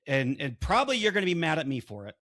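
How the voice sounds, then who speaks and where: A man's voice: on the high side, sing-song, fast, a bit bright, no echo, clean studio sound. A man co-hosting a podcast, blunt and openly emotional, swearing as he vents. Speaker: podcast co-host. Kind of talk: heated casual podcast chat. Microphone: desk-mounted microphone.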